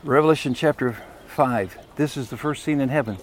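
A man's voice: medium pitch, brisk. A man preaching a sermon in a folksy, emphatic way, often putting questions to the congregation.

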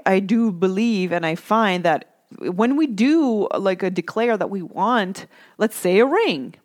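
Woman in her thirties, host of a casual self-help talk, middle pitch that swings widely, emphatic and chatty. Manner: animated and emphatic, heavy use of "like" and "right?".

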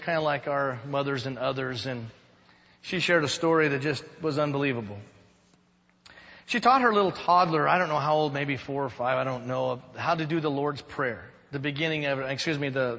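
A man's voice: fairly high pitch, a little fast, a bit bright, in a large hall, muffled recording. A man preaching a sermon as pastor, conversational, with jokes and rhetorical questions. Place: church sanctuary.

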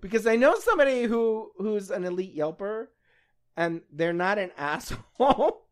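A woman's voice: mid-range voice, lively intonation, normal speed. Chatty woman podcast co-host. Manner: chatty, laughs often, trails off and restarts. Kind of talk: casual podcast chat.

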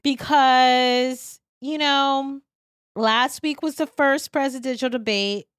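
A woman hosting a podcast in casual chat, animated and joking with playful teasing. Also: high-pitched, slow pace, smooth, dry recording, clean studio sound. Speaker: podcast host. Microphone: studio mic.

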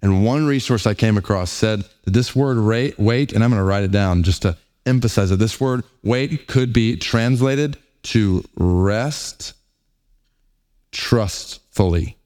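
A man preaching a sermon, earnest and emphatic, slowing down on key words and reading scripture aloud between his points. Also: on the low side, a little mellow. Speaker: pastor.

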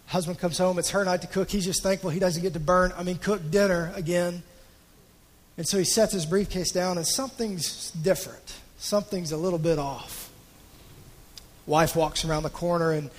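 A man preaches to a congregation, his voice sitting high. He tells a story in a loose, conversational way, stumbling over and repeating words. His voice trails off into the long reverb of a large church auditorium. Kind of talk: sermon storytelling.

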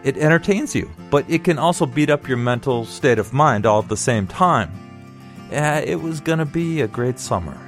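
A man's voice: medium pitch, lively intonation, normal speed, music in the background. A middle-aged man telling a childhood story in a conversational, wry, nostalgic way. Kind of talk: personal storytelling.

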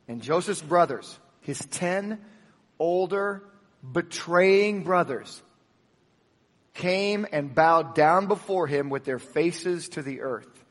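A man preaching a sermon with animated, emphatic delivery, swinging from loud peaks to soft drops and acting out the dialogue of the story. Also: fairly high pitch, slow pace, in a large hall. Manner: acts out the dialogue of the Bible story. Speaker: pastor.

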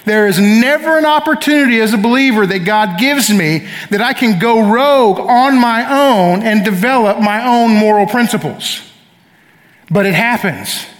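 A middle-aged man preaches from the pulpit in a high, ringing voice. He is emphatic and keeps prodding the congregation to answer back. His words trail into the long reverb of a church hall. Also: normal speed. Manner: emphatic, calls for audience responses. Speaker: pastor. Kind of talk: sermon. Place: church sanctuary.

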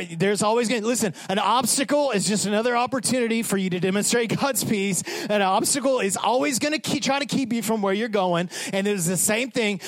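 A man preaching a sermon as pastor, animated, acting out the people in his story. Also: high-pitched, no echo. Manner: animated, acts out voices of disciples.

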